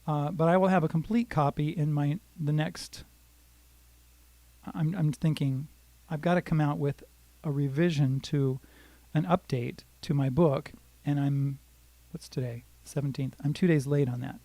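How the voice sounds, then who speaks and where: Older male guitar teacher, chatty and rambling, slightly high mellow voice in a dry room with guitar behind. Casual live-lesson delivery. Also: fairly even intonation, moderate pace, no echo. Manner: chatty, rambling, greets viewers by name.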